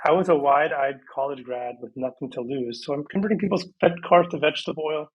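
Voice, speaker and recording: A man in his thirties, a podcast guest on a video call, telling his story in a lively, casual way and acting out past conversations. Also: a little high, fast talker, husky, highs cut off.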